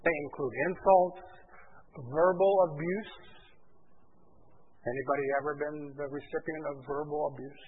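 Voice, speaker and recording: A man preaching a sermon, his voice a little higher than most men's. He leans hard on key words and lets them ring out loud. The recording is thin and tinny, like a phone line. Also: fairly even intonation, moderate pace, long pauses, a little hiss or hum. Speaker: pastor.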